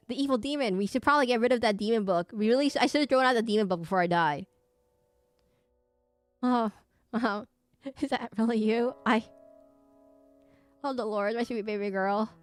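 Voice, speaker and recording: A woman streamer playing a romance horror game, reading the characters' lines aloud with drama and breaking off to react and laugh. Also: on the high side. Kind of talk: reading game dialogue aloud during a let's play.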